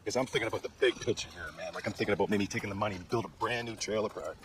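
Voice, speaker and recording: Man playing a laid-back schemer, low easy voice, noisy background. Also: racing, close to an everyday voice. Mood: scheming. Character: calm scheming trailer park ringleader. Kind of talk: TV comedy acting.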